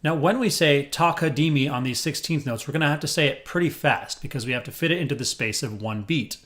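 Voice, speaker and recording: A man's voice: fairly high pitch, fast talker, a bit bright. Upbeat male music teacher who is a little corny and encouraging, walking students through rhythm counting. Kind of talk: rhythm lesson with counting aloud. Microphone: headphones on.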